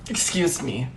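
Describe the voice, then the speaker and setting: A man hosting a comedic livestream in a mock-solemn, theatrical manner, breaking into drawn-out mock-grieving wails. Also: pushed and bright, a little hiss or hum.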